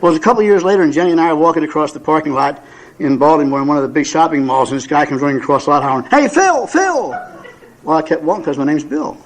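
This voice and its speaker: A man in his seventies with a fairly high voice, spinning self-mocking stories for a room of listeners. He talks in a folksy, unhurried way, stumbling through plenty of "uh"s and repeated words along the way. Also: fairly even intonation, poor audio. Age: 70s. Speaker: recovery meeting speaker. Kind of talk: humorous personal storytelling to an audience.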